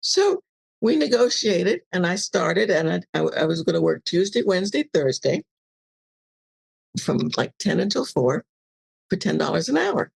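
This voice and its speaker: An older woman shares a personal story as a guest on a casual interview show. Her voice is gravelly and husky, and she lively acts out the voices in her tale. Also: on the low side, normal speed. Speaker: podcast guest.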